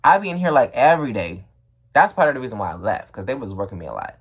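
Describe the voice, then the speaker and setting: A young man telling a casual storytime, animated and emphatic, with lots of slang. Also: medium pitch, fast, husky. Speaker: vlogger.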